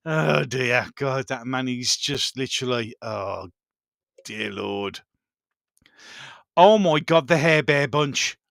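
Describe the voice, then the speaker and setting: A man's voice: mid-range voice, expressive, slow, creaky, long pauses, fairly bright tone, no echo, studio quality. A man hosting a casual live chat, greeting viewers and reminiscing with enthusiasm, often repeating himself and laughing. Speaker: livestream host.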